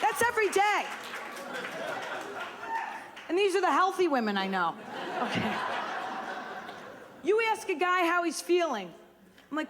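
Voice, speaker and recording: A woman's voice: very high-pitched, sing-song, a faint crowd. Brash woman doing live stand-up. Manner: brash, rapid storytelling. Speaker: stand-up comedian. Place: comedy club stage. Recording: live club recording, loud audience laughter.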